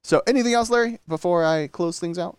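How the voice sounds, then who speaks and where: A man's voice: high-pitched, fairly quick, smooth, dry recording, clean studio sound. Easygoing man hosting a podcast. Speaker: podcast host. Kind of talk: casual chat.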